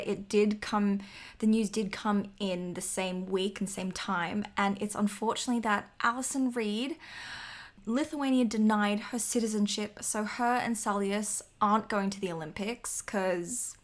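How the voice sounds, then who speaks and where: A woman's voice: medium pitch, fairly even intonation, moderate pace, fairly bright tone. A young woman co-hosting a podcast in casual chat, chatty and emphatic, laughing often. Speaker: podcast co-host.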